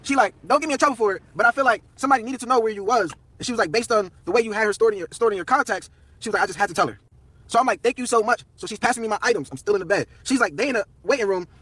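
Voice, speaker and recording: Fast-talking husky young man telling a story. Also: sits high, a bit bright, no room sound. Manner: slangy, profane, quoting everyone in turn. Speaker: storytelling streamer. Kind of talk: animated live storytelling.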